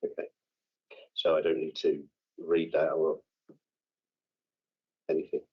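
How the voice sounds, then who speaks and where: An English man speaking as a councillor at a formal hearing, halting and repeating his words. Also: extremely low pitch, level tone, slightly rough. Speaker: councillor responding to a complaint. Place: council meeting room. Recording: dull lo-fi meeting recording.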